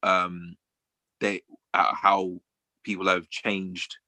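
Brief: male podcast co-host, very deep voice, dry close sound, thoughtful and easy to laugh. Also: flat delivery, pushed and bright, no room sound. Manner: measured and reflective, laughs easily. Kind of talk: casual chat.

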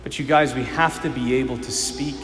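A Catholic priest preaching a sermon in a church. He tells stories with animation, swells into fervent appeals, and drops to hushed questions. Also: mid-range voice, fairly even intonation, brisk. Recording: long reverb of a large hall.

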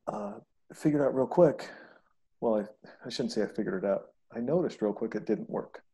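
A man, probably a podcast host, chatting casually and telling animated stories, often acting out the voices of people he quotes. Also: medium pitch, husky. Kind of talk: casual conversation.

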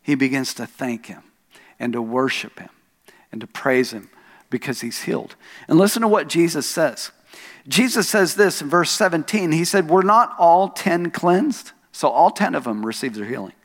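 A man pastor preaching a sermon, telling a story with rising emphasis on key lines and soft asides. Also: medium pitch, sing-song, moderate pace. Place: church sanctuary. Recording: long hall reverb.

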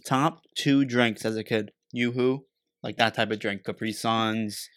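A man's voice: fairly low pitch, fairly even intonation, measured pace, a bit bright. A young man joking playfully in a casual chat with friends.

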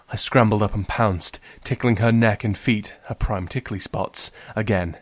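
A man's voice: fairly low pitch, normal speed, hardly any pauses, no echo, clean studio sound. A man, hosting as a librarian storyteller and reading a short story aloud with wry humour. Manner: wry, gently humorous.

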